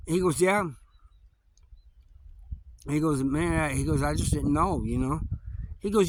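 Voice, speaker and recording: A man with a slightly high voice tells a story in a loose, rambling way. He keeps circling back with "he goes" and "man" as he replays conversations. Clear background noise sits behind his voice. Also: a little slow, long pauses. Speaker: storyteller recounting prison life. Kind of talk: casual spoken storytelling.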